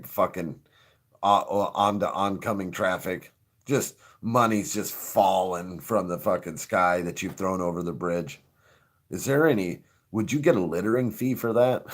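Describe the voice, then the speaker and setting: Profane, laughing middle-aged male host. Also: lowish voice. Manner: profane, laughs often, rambling. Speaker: show host. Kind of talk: casual joking chat.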